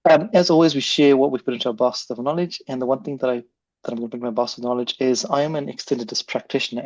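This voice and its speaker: A man's voice: medium pitch, darkish tone, no room sound, dull audio. A man hosting a podcast, chatty and rambling with frequent restarts. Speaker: podcast host. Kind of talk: casual podcast interview.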